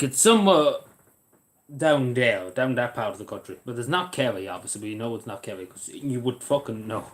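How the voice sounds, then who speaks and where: Rambling Irish man chatting. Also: on the low side. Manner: rambling, hesitant, swears casually. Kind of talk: casual livestream chat.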